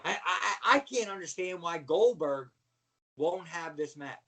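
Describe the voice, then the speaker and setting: A middle-aged man, a former wrestler, telling animated stories as a podcast guest and acting out the voices of the people in them. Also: a little high, unhurried, a crowd in the background. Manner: animated storyteller acting out voices, yelling and laughing. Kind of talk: storytelling on a podcast.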